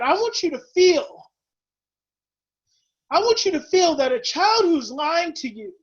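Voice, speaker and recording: A man's voice: extremely high pitch, dull audio. A man presenting a parenting webinar, urging parents on in an emphatic, repetitive, preacher-like way. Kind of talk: impassioned webinar teaching.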